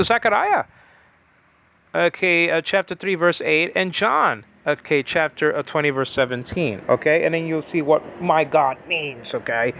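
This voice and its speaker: A man teaching a Bible lesson in a halting, informal way, with many fillers as he sounds out Hebrew and Greek words. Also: on the high side, gravelly, a bit bright, slight background noise. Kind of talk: informal scripture study.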